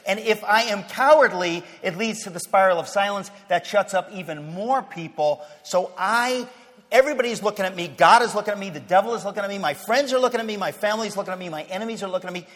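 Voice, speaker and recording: A man giving an impassioned sermon-style speech to a Christian audience, emphatic and fervent, swinging from low, quiet passages to loud declarations. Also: brisk. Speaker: speaker addressing a Christian audience. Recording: long hall reverb, faint crowd.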